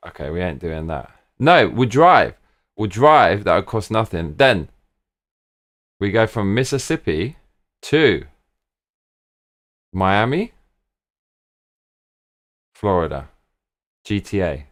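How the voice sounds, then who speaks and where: A man's voice: low-pitched, takes it slowly, long pauses. A man hosting a casual live stream chat, thinking aloud and repeating "look" and "bruv" as he plans a trip. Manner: excitable, thinking aloud, repeats 'look' and 'bruv'. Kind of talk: casual chat while planning a trip with viewers.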